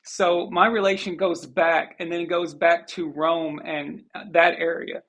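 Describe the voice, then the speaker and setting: A man's voice: on the high side, level tone, measured pace, a bit bright. An American man hosting a live show, talking bluntly in a rambling, casual rant that repeats and restarts. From United States. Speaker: host of a sports live show.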